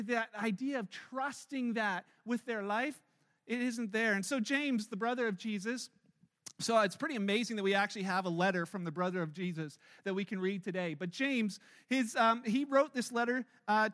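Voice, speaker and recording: A middle-aged male pastor with a strikingly high, bright voice preaches a sermon. He tells stories with energy and acts out the people in them, getting loud at the peaks. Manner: storytelling, animated, acts out quotes with rising loudness.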